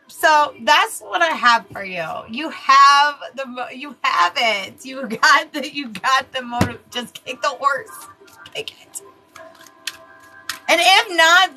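A woman with a high, bright, forceful voice gives a live tarot reading in a loose, chatty way. She speaks bluntly, swears without hesitation and laughs at her own mess. Soft music plays faintly behind her. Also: rough recording. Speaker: tarot reader.

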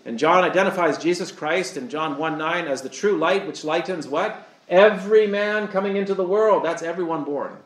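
A man delivers a sermon with earnest conviction. His voice sits a little high for a man, and it carries through a room with noticeable echo. He often stops to put questions to his listeners. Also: moderate pace, few pauses. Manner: earnest, asks the audience rhetorical questions. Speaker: pastor.

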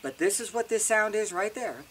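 A man's voice: high-pitched, expressive, normal speed, distant mic, slight background noise. Plain-spoken man teaching elk calls. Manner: plain-spoken, folksy, restarts words often. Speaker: elk calling instructor. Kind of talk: casual how-to demonstration.

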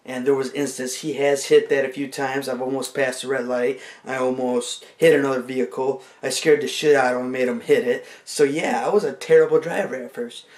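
A man's voice: medium pitch, steady tone, brisk, few pauses, a little mellow. A young man telling a rambling, casual comic story to the camera, full of "like" and "you know" as he acts out moves.

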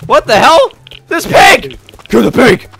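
An excitable young man doing a let's-play, his voice swinging widely as he shouts at animals and then drops to a mutter. He talks over clearly audible background music, close to his mic. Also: very high-pitched, measured pace. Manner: excitable, yells and taunts at game animals. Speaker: gameplay commentator. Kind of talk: casual let's-play commentary.

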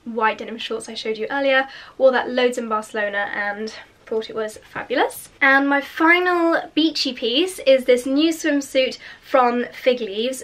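Young woman, fashion vlogger, nasal with a light cold, enthusiastic chatty delivery, slightly high voice. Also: a bit bright. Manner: chatty, gushing about clothes. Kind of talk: casual haul chat.

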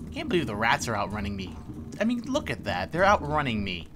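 A man's voice: medium pitch, wildly swooping pitch, fast, noisy background. A man giving joking, sarcastic commentary while he plays a video game. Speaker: let's play host. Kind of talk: gameplay commentary. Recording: loud game music behind. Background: game music and sounds.

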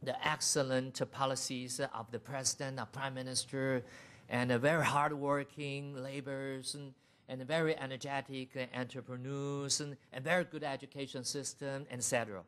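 A middle-aged man giving a university lecture in a deliberate manner, laying out his points as lists. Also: mid-range voice, flat delivery, a bit bright. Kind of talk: academic lecture.

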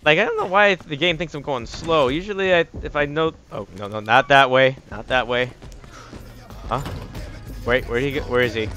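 Over soft background music, a man at a moderate pace gives live commentary while streaming a horror game, his mid-range voice sharp in tone. He's jumpy, mutters to himself, and when chased he gets breathless, yelps, and curses.

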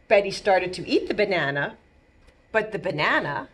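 A woman librarian reading a picture book aloud for babies, in an animated, sing-song storytime manner, sometimes acting out a toddler's wails and screams. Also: mid-range voice, normal speed, husky. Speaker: children's librarian.

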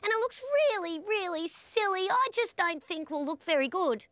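Woman doing a bossy female cartoon rabbit, insistent, high lively voice, loud music. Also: normal speed, no echo, clean studio sound. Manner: insistent, fussing.

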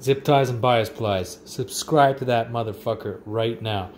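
A man's voice: mid-range voice, measured pace, few pauses. A man, casually reviewing food in a vlog with crude, profane, rowdy banter. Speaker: vlogger. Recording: faint background noise.

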